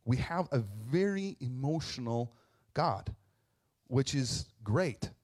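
A man's voice: medium pitch, takes it slowly. Guy pastor giving a casual sermon, jokey asides, lots of likes and ums, storytelling vibe. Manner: conversational, self-deprecating, lively storytelling with asides and fillers.

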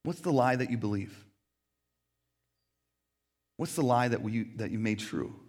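A man's voice: mid-range voice, expressive, a little slow, darkish tone. A man preaching a sermon as a pastor in a church, talking in a casual, conversational way with frequent fillers.

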